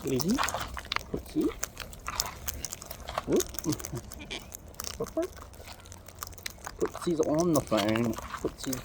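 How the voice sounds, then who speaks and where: A woman with a low voice talks to the wild parrots around her in a playful, coaxing tone. Her delivery is slow, and her pitch leaps about as she slips into sing-song baby talk. Clear outdoor noise runs under the whole recording. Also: very animated. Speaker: wildlife vlogger feeding wild birds. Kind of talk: casual talk to birds. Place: outdoors among feeding parrots.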